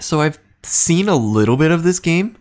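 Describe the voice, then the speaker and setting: A man's voice: on the high side, lively intonation, normal speed, darkish tone. A man streaming a horror game, chatting casually and reacting aloud as he plays, swearing now and then. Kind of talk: casual gameplay commentary.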